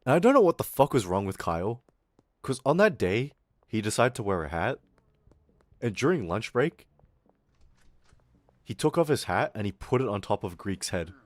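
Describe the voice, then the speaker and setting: Lively, low-voiced young man telling stories. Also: moderate pace, long pauses, no echo, clean studio sound. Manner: animated, swearing, laughing storyteller. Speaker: streamer. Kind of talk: casual storytelling rant.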